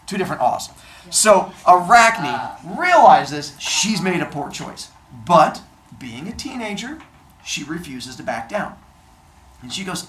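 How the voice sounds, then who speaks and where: A male teacher telling a myth to his class in a classroom, animated and jokey, acting out voices as he goes. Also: high-pitched, unhurried. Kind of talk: storytelling to a class.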